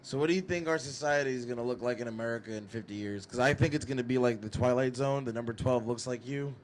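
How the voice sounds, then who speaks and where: Guy ranting on a podcast, swears a ton, mid-pitched voice, bit of hiss behind. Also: fast. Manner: profane, animated, slips into mock mobster voices. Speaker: podcast host. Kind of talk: casual chat.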